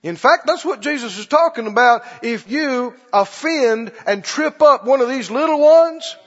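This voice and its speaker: High-pitched, animated preacher man. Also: unhurried. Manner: animated, emphatic, repeats lines for stress. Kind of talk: sermon. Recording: dull lo-fi recording with long hall reverb.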